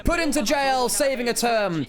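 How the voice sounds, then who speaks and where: A man doing excitable, jokey play-by-play commentary as an esports caster, swinging between shouts and low asides. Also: normal speed, a crowd in the background.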